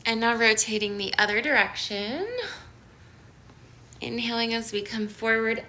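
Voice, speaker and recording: A woman teaching a live-streamed yoga class, giving slow, soothing cues and bubbly greetings to viewers. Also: fairly high pitch, flat delivery, bright, forceful tone, a little hiss or hum. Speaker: yoga instructor. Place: home studio in downtown Los Angeles.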